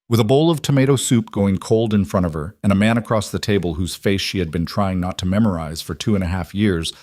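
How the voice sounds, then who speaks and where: A man narrates a romance story in a measured, steady voice. His tone sits low and close to the mic. There is no room sound at all, just dry studio narration. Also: no echo. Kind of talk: scripted romance audiobook narration.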